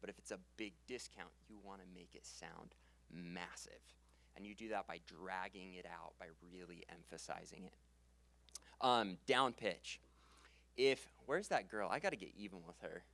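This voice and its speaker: A man's voice: normal speed, vocal fry, no echo. Upbeat man training salespeople on stage. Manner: energetic, laughs easily, ends sentences on a falling pitch. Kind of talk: live seminar talk. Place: conference room with live audience. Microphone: handheld stage mic.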